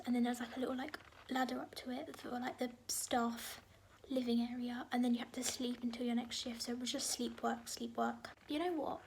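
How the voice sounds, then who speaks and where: A woman's voice: high voice, slight background noise. A young woman chatting casually at home in a rambling vlog, full of "like" and often dropping to a near whisper, filmed on a handheld phone camera. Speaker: vlogger. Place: at home, bedroom.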